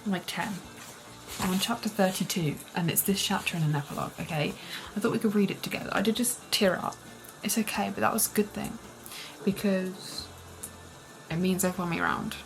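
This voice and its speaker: A woman's voice: medium pitch, sing-song, a little fast, soft background music. A young woman reading and chatting in a vlog, rambling and giggly, sometimes dropping to a whisper. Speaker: book vlogger. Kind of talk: casual reading vlog chat. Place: cosy room at home with rain and fireplace sounds.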